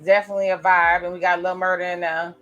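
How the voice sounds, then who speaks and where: A woman's voice: on the low side, level tone, fast talker, a bit bright, muffled recording, faint music behind. A woman giving chatty, casual reaction commentary on a TV episode as she watches it. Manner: chatty, reacts aloud while narrating scenes. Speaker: reaction video host.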